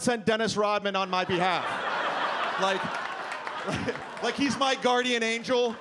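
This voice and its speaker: A man's voice: high voice, fairly even intonation, unhurried, pauses often. A male stand-up comedian on a comedy club stage, telling a rambling, self-deprecating story. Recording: live club, crowd noise.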